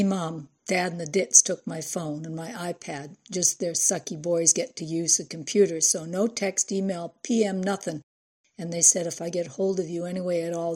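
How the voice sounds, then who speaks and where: A woman's voice: on the low side, a little mellow, husky. A woman doing a sarcastic rebellious teen girl. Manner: sarcastic, taunting. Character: defiant teenage girl, mocking and rebellious.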